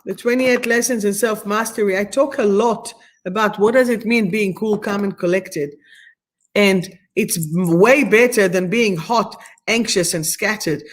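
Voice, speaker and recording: A middle-aged Israeli woman with a mid-range voice guest-hosts a live-streamed guided meditation and oracle card reading. She keeps her tone soothing and affirming, with slightly phrasing.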